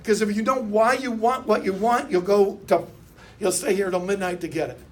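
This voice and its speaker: A man's voice: sits high, normal speed, recorded from a distance, slight background noise. A man coaching a room of car salespeople, speaking in punchy lines and getting the crowd to answer back. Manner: punchy, rallies audience into call-and-response. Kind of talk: motivational sales talk. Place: dealership meeting room.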